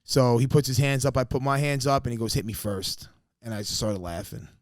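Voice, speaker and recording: Talking fast at a medium pitch, the man animatedly narrates a story on a casual podcast he co-hosts, cursing freely and acting out what people said. Clean studio sound, dry recording.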